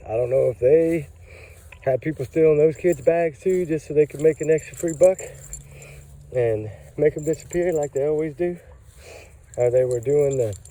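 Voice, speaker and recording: This is a man giving heated, casual commentary, tired and short of breath. His voice sits low and sounds deeply dark and mellow. He talks emphatically, as if venting to his viewers. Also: rough recording. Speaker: true crime commentator.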